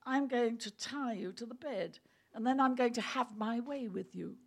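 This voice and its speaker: A woman's voice: on the high side, moderate pace, vocal fry. A woman voicing a teasing, vengeful young woman in a read-aloud story.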